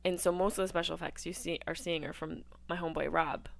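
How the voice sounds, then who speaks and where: A woman hosting a live movie watch-along, riffing with crude jokes and swinging between loud outbursts and hushed asides. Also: lowish voice, steady tone, fast, vocal fry. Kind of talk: casual riffing commentary over a film.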